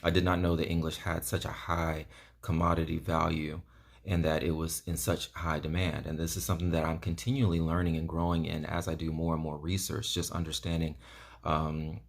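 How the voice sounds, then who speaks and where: Deep gravelly man vlogging. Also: monotone, brisk. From United States. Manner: rambling, full of ums and you-knows; earnest and enthusiastic. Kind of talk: casual chat to camera.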